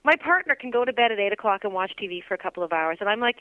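A woman's voice: mid-range voice, animated, racing, dry recording. A woman co-hosting a podcast in casual chat, bubbly and teasing, laughing often. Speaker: podcast co-host and radio morning show host. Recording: tinny phone-like line.

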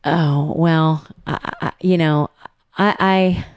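A woman with a faint Southern accent reminisces as an interview guest, unhurried and full of little fillers. Her voice sits low, and the sound is close and dry. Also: fairly even intonation, smooth, no room sound. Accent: faint Southern American. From American South. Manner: reflective, storytelling, many fillers. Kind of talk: casual interview chat.

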